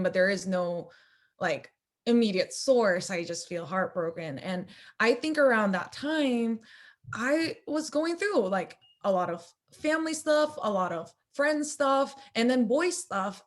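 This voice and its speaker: Speaking as a guest filmmaker in an informal interview, this young adult woman is talkative and animated, tossing in rapid asides. All the talking has left her voice squeaky.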